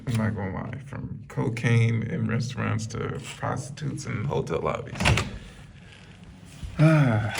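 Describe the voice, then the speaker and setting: A man's voice: on the low side, creaky, darkish tone, slight background noise. A man talking casually to his camera while traveling, loose and profane, tossing out joking asides. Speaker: vlogger. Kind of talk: casual vlog talk.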